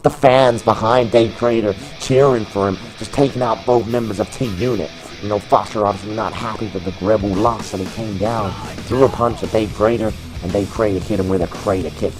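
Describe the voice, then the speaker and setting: A man calling a wrestling match as play-by-play commentator, shouting names over and over in bursts of excitement. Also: deep voice, low-quality recording.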